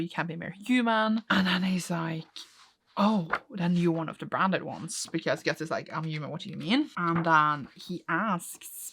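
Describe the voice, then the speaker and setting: A woman casually retelling and reacting to a comic she is reading, excitable and emotional, often laughing and close to tears. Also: on the low side. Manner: excitable, gushing, laughs often, retells scenes with quoted voices. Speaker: manga reaction vlogger.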